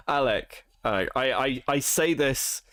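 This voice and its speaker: A man's voice: medium pitch, fairly bright tone, no echo, studio quality. A man co-hosting a reaction stream, mocking and sweary, laughing often. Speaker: stream co-host.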